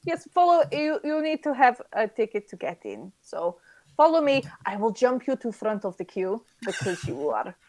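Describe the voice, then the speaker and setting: Woman doing a lively, high-voiced carnival worker who dotes on everyone. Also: moderate pace. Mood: breezy, doting. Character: friendly female carnival worker, breezy and doting.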